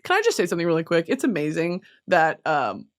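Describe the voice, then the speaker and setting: Animated, swearing woman host. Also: fairly low pitch, fast talker. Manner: animated, profane, laughs often. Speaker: podcast host. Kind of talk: casual chat.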